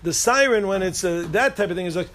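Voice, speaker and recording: A man's voice: high voice, expressive, fast, a bit bright. A man giving an informal Torah talk to a group, rambling, interrupting himself and cracking jokes. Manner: rambling, self-interrupting, joking. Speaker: Torah teacher speaking to a group.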